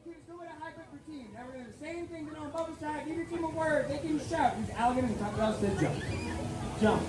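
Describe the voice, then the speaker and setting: A man's voice: very high-pitched, fast talker. A man hosting a live comedy show at an animal park, rousing the crowd and playing the exasperated straight man over a PA. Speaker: show host. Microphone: handheld PA mic recorded from the audience. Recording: echoey PA from far off with loud crowd and noise.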